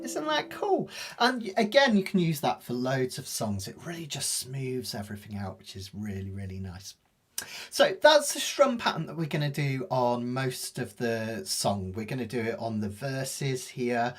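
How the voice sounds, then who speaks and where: A man teaching a live ukulele lesson, explaining fast in a chatty, self-deprecating way. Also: medium pitch, big pitch swings, breathy edge. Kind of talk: live online music lesson. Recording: ukulele playing behind the voice.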